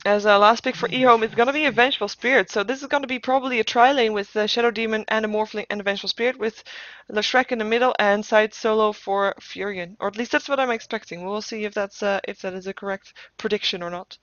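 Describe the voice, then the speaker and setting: A woman caster calls a video game match live. She thinks out loud, restarts her sentences and drops playful asides, at a middling pitch. The recording sounds dull and lo-fi. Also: fast, few pauses, no room sound. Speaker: esports caster.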